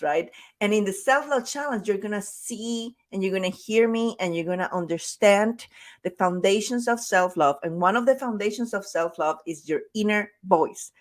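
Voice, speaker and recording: Emphatic woman giving a motivational talk. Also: mid-range voice. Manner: emphatic, conversational, repeats key points. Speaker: self-love coach.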